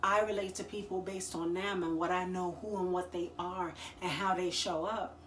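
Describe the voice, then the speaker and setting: A woman talking casually to the camera, giving business advice in a chatty, slangy and expressive way, laughing often. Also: fairly low pitch, normal speed. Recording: echoey room.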